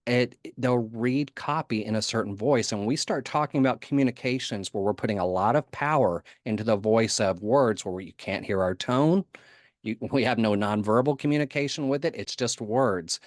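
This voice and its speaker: A man with a lowish voice gives a conference talk at a moderate pace, keeping it casual and humorous. He laughs often and puts on voices for quotes, and the recording is dry with clean studio sound.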